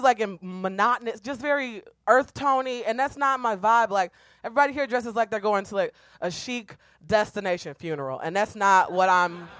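A woman from Chicago works a comedy club stage with a loud, brash, self-mocking stand-up set. She laughs often between jokes and talks into a close, dry handheld mic. Her pitch sits mid-range for a woman. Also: no room sound.

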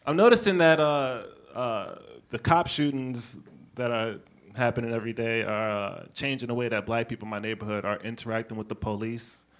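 A man from Brooklyn doing a stand-up set on a club stage, telling stories with lively character bits and laughing at his own jokes. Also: medium pitch, a little fast. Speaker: stand-up comedian.

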